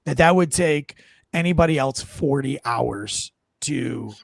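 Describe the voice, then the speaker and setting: A man hosting a podcast in casual chat, rambling and animated, often poking fun at himself, on a close studio mic. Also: medium pitch, measured pace, creaky, dry recording. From North Carolina. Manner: rambling, animated, self-deprecating. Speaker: podcast host.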